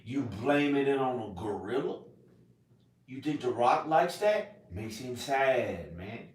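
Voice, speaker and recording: Guy rambling slow on his vlog, jumps around, bursts out laughing loud, echoey room w/ faint hum. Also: medium pitch, big pitch swings, recorded from a distance. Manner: rambling, jumps between topics, sudden loud laughing outbursts. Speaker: vlogger. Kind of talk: rambling casual monologue.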